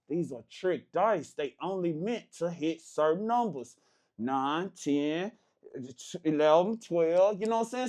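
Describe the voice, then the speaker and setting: Guy telling a wild story, gets loud and high then drops real quiet, casual. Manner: animated, jumps from loud high outbursts to quiet low asides.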